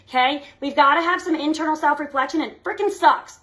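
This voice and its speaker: A woman's voice: sits high, fast, few pauses, a bit bright. A woman gives a chatty motivational talk to her sales team, checking in with "okay?" after nearly every point. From United States. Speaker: team leader.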